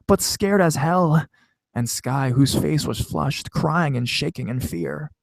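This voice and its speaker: A man's voice: medium pitch, vocal fry, no echo. A man in a mid-range voice reads viewer horror stories in a loose, conversational way, dropping swear words as he goes. The recording is close and dry, with no room sound. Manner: casual, profane, conversational. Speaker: horror story narrator. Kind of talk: reading viewer-submitted scary stories.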